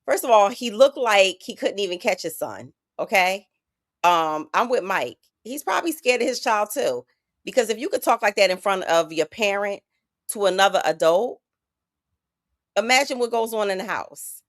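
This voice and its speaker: A woman's voice: medium pitch, expressive, moderate pace, no room sound, clean studio sound. Woman co-host chiming in. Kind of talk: casual live stream commentary.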